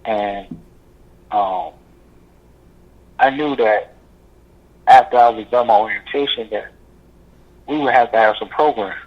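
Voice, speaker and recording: A man telling his story as an interview guest, rambling and halting with many fillers. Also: on the low side. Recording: muffled lo-fi audio.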